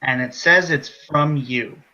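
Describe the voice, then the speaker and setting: A man running a tabletop game as game master, unhurried with many fillers. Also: mid-range voice, pushed and bright, lo-fi sound.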